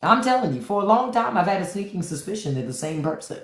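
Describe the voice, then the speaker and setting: A woman's voice: mid-range voice, big pitch swings, quick pace, echoey room. Profane sarcastic woman ranting live. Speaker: podcast host on a live stream. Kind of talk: unfiltered political rant to live chat. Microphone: phone.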